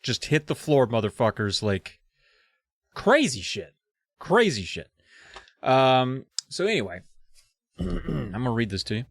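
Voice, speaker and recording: A man's voice: very animated, measured pace, creaky, long pauses, no echo. A man casually reading a spooky kids' book aloud, breaking off for jokey, profane asides. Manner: reads aloud with jokey asides, swearing, puts on high voices for characters. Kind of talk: casual comedic reading and chat.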